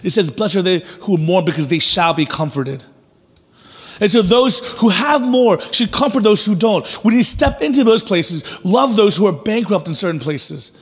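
A man preaching a sermon in a church sanctuary, his voice sitting fairly high with a husky, breathy edge. He talks to the congregation conversationally and acts out little asides with energy. A long reverb from the large hall trails each phrase. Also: animated, normal speed. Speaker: pastor.

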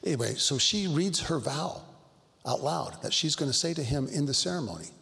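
A middle-aged male pastor telling stories in a Bible study, earnest and halting, with frequent restarts. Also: a little high, expressive, vocal fry, pushed and bright. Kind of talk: Bible study talk, storytelling. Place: church hall. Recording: long hall reverb.

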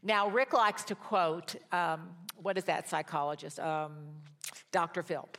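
An older woman leads a Bible study like a sermon. Her voice sits a little low, and her storytelling drops to a hush before it rises into rousing calls. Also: unhurried. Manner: storytelling, swings from hushed to rousing. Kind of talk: sermon-style teaching.

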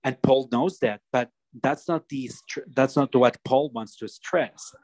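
A man preaching a sermon, slow and deliberate, often restarting his phrases as he explains a passage. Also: mid-range voice, a little mellow, no echo, poor audio.

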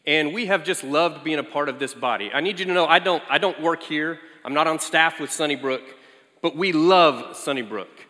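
A man in his forties preaching as a guest, telling lively family stories with animated quotes of his child. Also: on the high side, normal speed. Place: large church sanctuary. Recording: echoey large hall.

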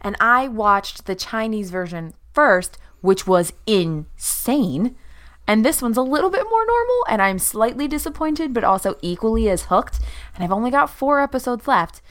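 A young adult woman chatting casually and playing a tabletop role-playing game, bubbly and excitable. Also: a little high, normal speed. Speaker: player.

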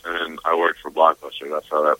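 A man's voice: a bass voice, flat delivery, fast talker, pushed and bright, no room sound, rough recording. A man co-hosting by phone in casual chat, telling stories in a rambling, hesitant way full of fillers. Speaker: co-host calling in by phone.

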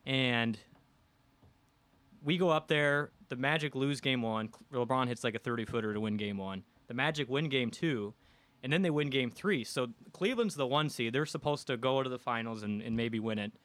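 A man from the Midwest spins a casual story for a podcast, slipping into the voices of the people he quotes. His voice sits at an ordinary middle pitch, close and dry with no room sound around it. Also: moderate pace, a bit bright, no echo. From American Midwest. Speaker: guest storyteller. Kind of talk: casual anecdote telling on a podcast.

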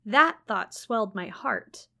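A woman's voice: mid-range voice, lively intonation, takes it slowly, vocal fry, sharp tone. A woman reading a classic first-person novel aloud expressively, with casual amused asides between passages. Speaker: reader.

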